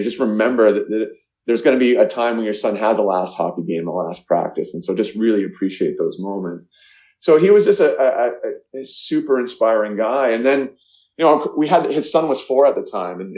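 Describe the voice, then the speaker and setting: A middle-aged man from Canada telling a personal story in an interview, earnest and halting, with many fillers and restarts. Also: lowish voice, warm tone. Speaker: guest, charity founder. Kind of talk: emotional storytelling in a podcast interview. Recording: echoey, muffled lo-fi sound.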